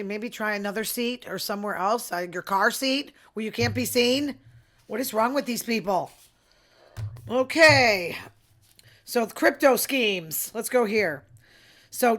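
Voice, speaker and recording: A woman with a medium-pitched, fairly bright voice hosts her own podcast solo. She chats casually and voices strong opinions, now and then dropping into murmured asides.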